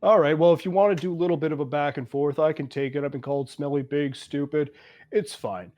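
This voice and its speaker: A game master voicing a huge, gentle male bugbear wrestler who talks slowly and apologetically. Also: medium pitch, fairly even intonation, voice pushed down, lightly acted. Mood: reassuring. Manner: slow, mild and apologetic.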